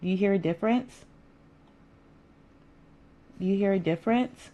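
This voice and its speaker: Mellow-voiced woman chatting with stream viewers. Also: mid-range voice, moderate pace, rough recording. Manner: chatty, repeats herself, mildly exasperated while fiddling with settings. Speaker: live streamer. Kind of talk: casual live-stream chat with viewers.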